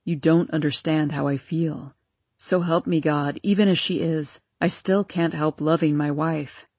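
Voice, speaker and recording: A woman reading an audiobook, voicing an anguished, devoted husband who pleads with a grief-choked, breathy, lowered voice. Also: fairly even intonation, a little slow, darkish tone, no echo. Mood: pleading, anguished. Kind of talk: audiobook character voice.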